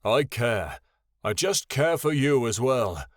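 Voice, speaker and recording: A man's voice: very animated, slow, no room sound, clean studio sound. A man voicing a furious, bitter male dragon. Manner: booming, furious shouting. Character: proud angry male dragon, bitter and wounded.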